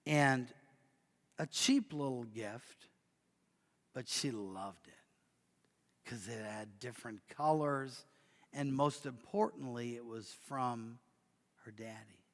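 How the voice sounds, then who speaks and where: A man preaching and telling a story, swinging from loud bursts to near whispers. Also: mid-range voice, slow, pauses often. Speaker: pastor. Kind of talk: sermon storytelling. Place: church sanctuary. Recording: long church hall reverb.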